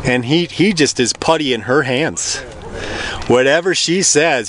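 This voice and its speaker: A man preaching a conversational sermon, telling the story in an animated way. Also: mid-range voice, measured pace, slight background noise. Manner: animated, conversational, acts out the characters.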